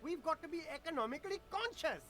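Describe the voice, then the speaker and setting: A pushy, salesy street hustler in a video game who talks smoothly as he sells his clothes. His voice sits high, with faint music underneath. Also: animated, quick pace, sharp tone, exaggerated voice.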